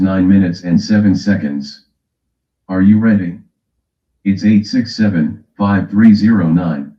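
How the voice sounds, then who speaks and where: A man with a New York accent argues and teases in a profane, bickering way. His voice sits very low. The stream audio is muffled and echoey. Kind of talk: casual argumentative stream chat.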